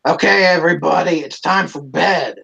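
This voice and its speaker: A man's voice: a little high, normal speed, creaky, fairly bright tone, husky, heavily acted, rough recording. A man doing a bossy older step-grandmother.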